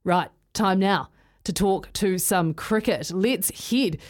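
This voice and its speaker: A woman hosting a sports radio show, interviewing a guest in a relaxed, conversational way. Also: medium pitch, takes it slowly.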